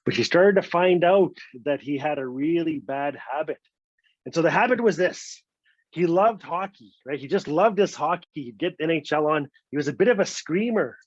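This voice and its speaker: A man's voice: a little high, moderate pace, dry recording. Playful storyteller man. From Northwest Territories, Canada. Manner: lively, playful, repeats words for effect, ends lines with "eh". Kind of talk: told folk story, casual and humorous. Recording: dull, dry lo-fi online recording.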